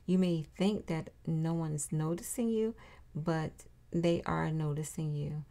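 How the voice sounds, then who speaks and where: A woman's voice: deep voice, steady tone, unhurried, dark tone. A woman doing a tarot reading, speaking directly to her viewers in an encouraging way and repeating her reassurances. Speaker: tarot reader.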